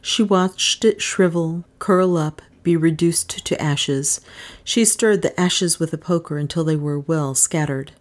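A woman narrating a mystery novel in a measured, expressive storytelling manner. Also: deep voice. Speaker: audiobook narrator.

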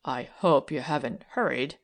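A woman's voice: sits low, lively intonation, moderate pace. A woman voicing a cynical, impatient male detective who speaks dryly and sneers. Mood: gruff.

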